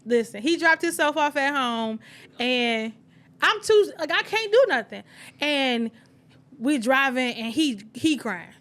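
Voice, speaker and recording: A woman with a bright, high voice tells a messy personal story in casual podcast chat. She throws herself into each quoted line, jumping up and down in pitch as she acts out the people in it. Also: a little slow. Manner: animated storyteller acting out quotes. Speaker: podcast co-host.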